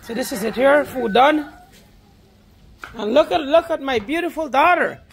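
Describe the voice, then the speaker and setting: A woman's voice: high-pitched, moderate pace, a little hiss or hum. A woman with a Guyanese Creole accent, chatting casually to her viewers while cooking at a backyard cookout and coaxing a small child. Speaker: vlogger cooking for guests. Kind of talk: casual cooking vlog chat.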